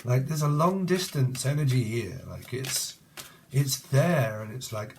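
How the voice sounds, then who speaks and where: An Englishman reads tarot in a loose, chatty way, wandering off on tangents and swearing as he goes. His voice sits at an ordinary middle pitch for a man. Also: a little slow, a little mellow, slight background noise. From England. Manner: swears freely and rambles, chatty and blunt. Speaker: tarot reader. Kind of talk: casual tarot reading to camera.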